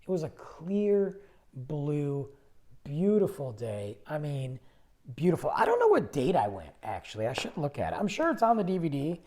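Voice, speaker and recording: A man hosting a podcast, telling a personal story in a rambling, animated way, often cutting himself off mid-sentence. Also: on the high side, normal speed. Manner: rambling, animated, self-interrupting. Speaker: podcast host. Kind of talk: casual storytelling monologue.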